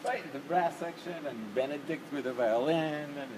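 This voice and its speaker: Before the sound check, a middle-aged musician who leads the band greets his bandmates on a concert stage, chatting casually and laughing a lot. He speaks at a moderate pace in a fairly high voice, and the stage is loud with background noise in this backstage video chat.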